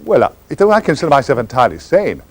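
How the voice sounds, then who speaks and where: An older man tells rambling, theatrical stories with a wry edge. His pitch leaps and swoops all over the place as he answers questions from the audience. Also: sing-song, fast talker. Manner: theatrical, wry, meandering storyteller. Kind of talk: anecdotal audience Q&A.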